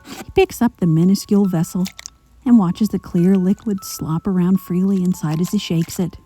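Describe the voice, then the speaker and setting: Female narrator for a grim story read-aloud: very dark, husky, measured. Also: lowish voice, fairly even intonation, faint music behind. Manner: measured, slipping into hushed whispers.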